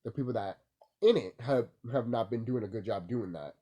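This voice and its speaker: Sleepy, rambling young man, dark husky voice. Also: lowish voice, a little fast. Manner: loose, rambling, lots of fillers and profanity. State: sleepy, woken early. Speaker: vlogger. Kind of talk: rambling casual monologue. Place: home, early morning.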